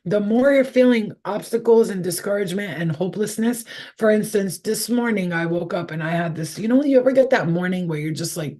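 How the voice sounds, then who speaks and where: A woman's voice: mid-range voice, expressive, brisk, warm tone. A middle-aged woman giving a casual tarot reading on a livestream, talking candidly with plenty of swearing and rambling stories. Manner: profane, candid, rambling storyteller. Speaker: tarot reader. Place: indoors, in her room.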